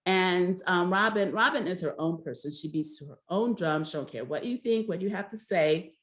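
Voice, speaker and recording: A woman's voice: on the low side, normal speed. A woman casually recapping a reality show episode, rambling with many fillers and giving blunt, gossipy opinions.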